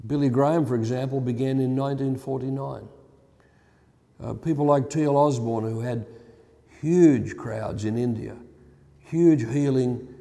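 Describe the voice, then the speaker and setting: An older man giving a measured, reflective teaching lecture as a church teacher, often pausing on "uh" and repeating words. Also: medium pitch, vocal fry, warm tone, long reverb tail.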